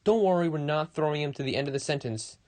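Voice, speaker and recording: A teenage boy with a fairly high, slightly mellow voice talks quickly and with lively intonation. His school project comes across as an informal, rambling lesson, full of wry jokes and repeated self-corrections.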